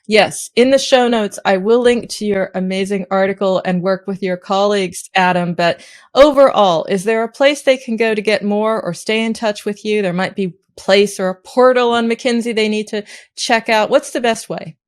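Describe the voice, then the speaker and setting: A woman hosting an interview podcast, her voice at a middle pitch. She asks her questions in a lively, chatty way. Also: moderate pace. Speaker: podcast host.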